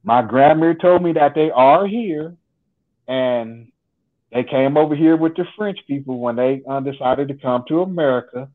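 A man quoting a calm, laid-back woman who speaks in a patient, matter-of-fact way. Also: mid-range voice, moderate pace, natural voice. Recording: phone-like line.

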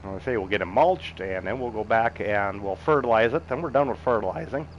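Here a middle-aged man streams a farming game, reading chat and commenting casually, with frequent chuckles and self-talk about upcoming tasks. His pitch is fairly low and his delivery brisk. The sound is dull, with slight background noise.

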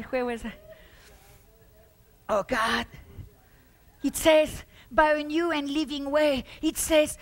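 A woman pastor preaching a fervent sermon, shouting out exclamations and repeating words for emphasis. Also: high voice, slow, long pauses.

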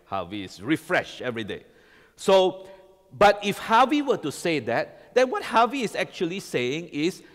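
An animated male pastor preaching in a church hall, his fairly high voice trailing off into a long reverb. He keeps checking in with the congregation and tossing questions back to them. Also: normal speed. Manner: animated, quizzes the congregation with repeated "all right?". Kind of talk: sermon.

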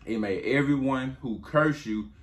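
A man voicing an old father in a spoken story, speaking slowly and solemnly. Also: medium pitch, close to an everyday voice. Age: older.

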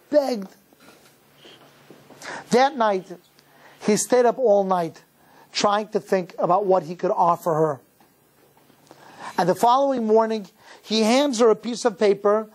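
A rabbi from Cleveland, Ohio, giving a sermon as he tells a story in a measured way, with many restarts. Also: sits high, darkish tone.

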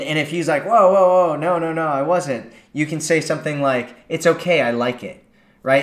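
Chatty man with an echoey sound. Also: fairly bright tone. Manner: chatty, acts out quoted lines in higher voice. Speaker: dating coach. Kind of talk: casual advice talk to camera.

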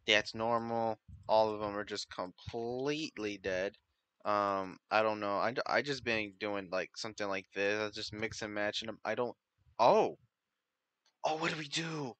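Man, gaming host, casual commentary, rambling, thinks aloud, bright tone. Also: lowish voice. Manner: rambling, talks to himself, sudden startled exclamations and laughs.

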